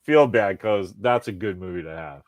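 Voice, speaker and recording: Low-voiced man rambling with profanity. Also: normal speed, crowd noise. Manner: rambling, profane, animated storytelling with many restarts. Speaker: podcast host. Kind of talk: casual chat.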